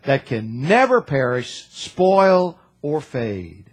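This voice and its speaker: A man preaching as a pastor, slowing down and repeating key phrases for emphasis. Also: mid-range voice, sing-song, husky. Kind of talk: sermon.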